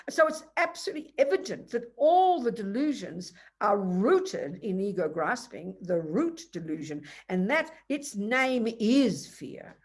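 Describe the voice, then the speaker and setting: Animated older woman giving a dharma talk. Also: a little high. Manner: animated storytelling with emphatic asides. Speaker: Buddhist teacher. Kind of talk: dharma talk to a retreat audience.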